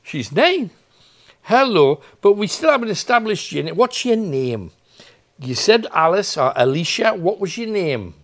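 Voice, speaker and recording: His voice sits high and sounds very animated, a bit slow in pace. He's a paranormal investigator hosting a nighttime ghost hunt in an old building, relentlessly asking the spirits questions, coaxing and then demanding.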